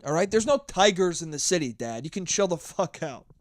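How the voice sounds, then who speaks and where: A man's voice: high-pitched, animated, a little fast, no room sound. A hungover young man hosting a solo podcast, rambling and swearing freely, scatterbrained. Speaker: podcast host. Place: New York.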